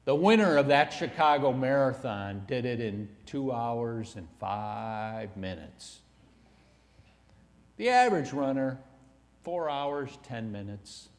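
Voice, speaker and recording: Slow, emphatic man speaking in a reverberant hall. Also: medium pitch. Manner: emphatic and animated, swings between loud and hushed. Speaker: motivational speaker. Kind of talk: storytelling keynote speech. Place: conference hall.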